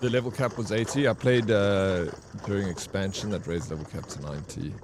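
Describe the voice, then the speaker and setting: A man's voice: fairly low pitch, steady tone, fairly quick, noisy background. A man streaming a game, chatting loosely and full of fillers as he plays. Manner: rambling, loose, filler-heavy. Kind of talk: casual gaming commentary.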